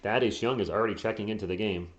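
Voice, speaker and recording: A hoarse man hosting a live fan play-by-play stream, calling plays quickly and tossing in joking asides and replies to viewers. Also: on the low side, reverberant, slight background noise. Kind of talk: casual live play-by-play commentary.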